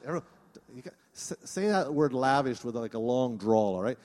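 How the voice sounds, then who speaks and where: A man's voice: medium pitch, animated, a little fast, a little mellow. A man preaching a sermon to his congregation, earnest and inviting them to respond. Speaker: pastor. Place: church service. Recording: long reverb of a church hall.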